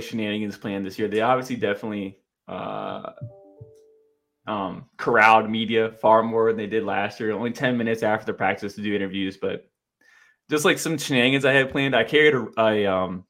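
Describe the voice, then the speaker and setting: A man's voice: on the low side, normal speed. Young man telling a goofy story. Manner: animated, self-deprecating, heavy filler words. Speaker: podcast co-host. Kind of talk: casual storytelling chat.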